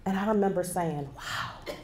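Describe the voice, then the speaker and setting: Woman in her forties, motivational keynote, animated storyteller, a bit high-pitched, roomy live-hall sound. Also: moderate pace. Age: 40s. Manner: animated storytelling, addresses the audience directly. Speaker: keynote speaker. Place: conference hall before a live audience. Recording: echoey hall with faint background noise.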